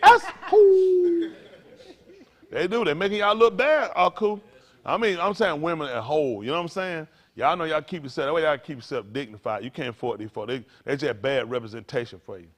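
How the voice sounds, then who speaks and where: An older man preaching to a congregation, in a folksy, playful way with sudden loud bursts. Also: a little high, quick pace. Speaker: pastor.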